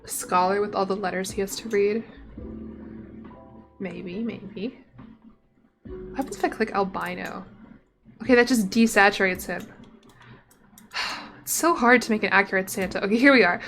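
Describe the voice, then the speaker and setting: A woman's voice: medium pitch, moderate pace, creaky, long pauses, fairly bright tone, faint music behind. A woman streaming from her room at home, chatting playfully with her viewers and reading game text aloud into a desk mic. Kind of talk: casual gameplay commentary.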